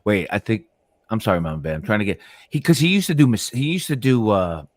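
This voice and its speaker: A man co-hosting a live panel talk show, chatting in a loose, rambling way that is full of swearing and quick laughs. His pitch swings widely as he talks. The recording is dry and close, with no room sound. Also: big pitch swings, no echo. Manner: profane, rambling, laughs often. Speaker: podcast co-host. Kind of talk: casual live panel chat.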